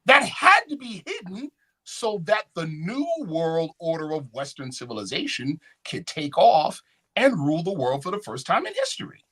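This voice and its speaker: Animated man giving a lecture. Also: on the high side, moderate pace, slightly rough. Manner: animated, call-and-response questions. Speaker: conference speaker. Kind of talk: lecture with slides. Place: conference hall.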